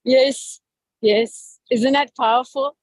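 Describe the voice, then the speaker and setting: A fairly high-voiced woman hosts a casual group conversation over a video call. She talks in an effusive, animated rush full of fillers. Her voice is slightly husky and the sound is dry and close. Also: slow, dry recording, low-quality recording.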